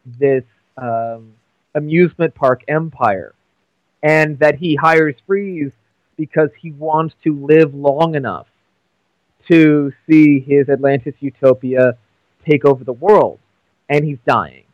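A man chatting casually, telling stories in an animated way with halting restarts. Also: a little high, no room sound, muffled recording. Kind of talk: casual chat.

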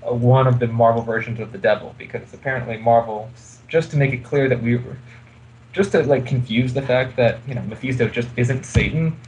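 A man's voice: medium pitch, fairly quick, darkish tone, slight background noise, low-quality recording. Rambling man chatting about comics. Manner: rambling, full of fillers and restarts. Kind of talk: casual chat about comics.

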